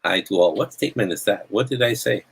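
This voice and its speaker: A man's voice: lowish voice, quick pace, vocal fry, breathy edge, rough recording. A man hosting a live podcast in casual chat, blunt and rambling, often repeating words as he starts a thought. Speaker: podcast host.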